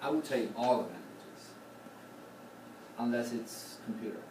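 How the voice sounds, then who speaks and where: A man's voice: mid-range voice, normal speed. Man coaching a choral class. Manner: questioning, coaching, lively. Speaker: choral conducting teacher. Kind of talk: classroom teaching. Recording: roomy, distant, noisy classroom recording.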